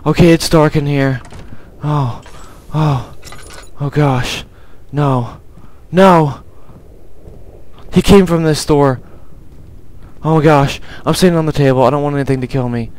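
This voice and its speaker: A man's voice: on the high side, steady tone, moderate pace, long pauses, darkish tone, clear, resonant tone, poor audio. A young man commentating a horror game, jumpy and panicky, often crying out in fright. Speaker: gameplay commentator.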